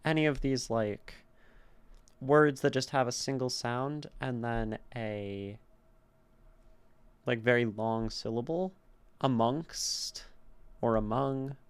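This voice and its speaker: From his home streaming setup, a man critiques poetry casually, thinking aloud and sounding out the stresses of words. His medium-pitched voice is clear and resonant, and he speaks slowly with frequent pauses.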